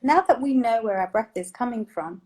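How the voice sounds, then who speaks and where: A woman's voice: on the high side, lively intonation, normal speed, a little mellow. A woman vocal coach guiding listeners through breathing exercises, encouraging and instructive, laughing often.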